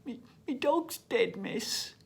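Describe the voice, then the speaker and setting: A man doing a small boy's high, piping voice, earnest and cheeky, told at an unhurried pace. The voice is pushed well above the teller's own. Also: animated, creaky, husky, exaggerated voice. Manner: high-pitched piping child voice. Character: sad cheeky young boy with broad dialect.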